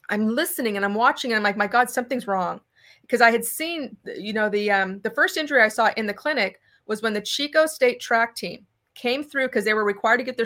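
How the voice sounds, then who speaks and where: A middle-aged woman from California, a guest in a conversational interview, telling a story animatedly and acting out the dialogue. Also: a little high. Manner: animated, acts out dialogue in quotes. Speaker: political candidate guest.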